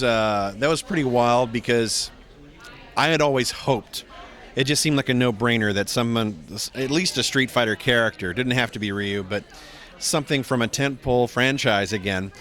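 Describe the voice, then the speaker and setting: A middle-aged man, a voice actor, chatting in a convention interview and acting out quoted lines with big swings in his voice. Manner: animated storyteller, acts out quotes with big pitch jumps. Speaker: voice actor guest.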